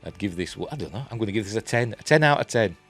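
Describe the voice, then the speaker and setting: Yorkshire man, very low voice, rambling casual review, filler-heavy, faint music behind. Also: lively intonation, very fast, fairly bright tone. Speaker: TV review vlogger.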